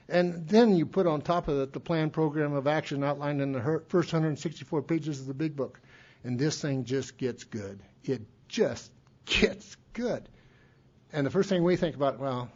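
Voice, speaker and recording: A man's voice: a little high, darkish tone. A man from Montana telling a rambling, folksy story as a speaker at a recovery meeting, with frequent restarts and chuckles. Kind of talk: storytelling talk. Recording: dull lo-fi tape recording.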